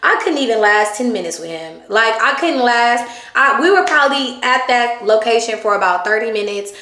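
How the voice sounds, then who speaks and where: A woman vlogger telling a dating story in casual chat, animated, dropping her voice low to quote her date. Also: normal speed. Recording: echoey room.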